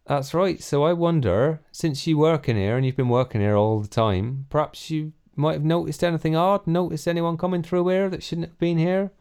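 Bloke putting on a west country squire, polite and nosy, voice raised high, smooth clear tone. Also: male voice, normal speed, hardly any pauses, darkish tone, close to an everyday voice. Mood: inquisitive. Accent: West Country English. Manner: courteous, probing questions. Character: polite, inquisitive young male squire.

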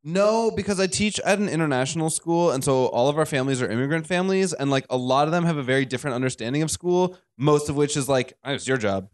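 Sarcastic, joking man with a high voice. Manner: joking, sarcastic, quick asides. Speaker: high school teacher, podcast guest. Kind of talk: casual chat.

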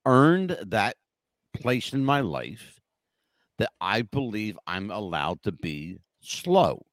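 Lively laid-back man in his sixties. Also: lowish voice, takes it slowly, no room sound. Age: 60s. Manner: laid-back, animated, teasing. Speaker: podcast host. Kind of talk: casual chat.

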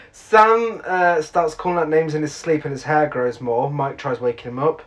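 A woman's voice: deep voice, a little slow. Woman, podcast co-host, giggly blunt plot recap. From United Kingdom. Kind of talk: casual chat recapping a film.

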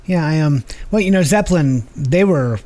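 A man's voice: a little high, animated, normal speed, mellow. A middle-aged man co-hosting a casual music chat, jumping in eagerly and restarting his sentences. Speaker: podcast co-host.

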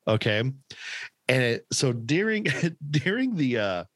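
A man's voice: medium pitch, very animated, slow, a bit bright, no echo. A man co-hosting a podcast in casual chat, telling stories with laughs and mimicking voices. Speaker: podcast co-host.

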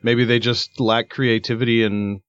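A man talking hesitantly and haltingly in a casual podcast chat in a small studio room. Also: medium pitch, level tone, a bit bright, clear, resonant tone, no room sound, dull audio.

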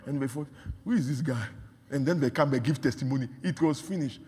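A man preaching a sermon, repeating phrases and building from quiet talk to shouts. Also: mid-range voice, a little fast, breathy edge. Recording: long hall reverb.

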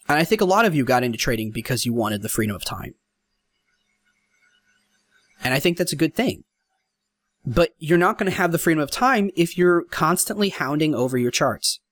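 A young man hosts a solo podcast and gives casual advice in an easygoing, informal way. He comes back to the same points again and again. His voice sits somewhat high and sounds dry and close, with no room echo. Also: a bit bright. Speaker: podcast host.

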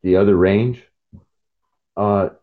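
A man's voice: on the low side, steady tone, slow. A man hosting a podcast from his truck cab while driving, telling rambling stories and acting out the voices of people in them. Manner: jumps between topics and acts out quoted voices. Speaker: podcast host. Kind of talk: rambling casual storytelling. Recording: dull lo-fi sound.

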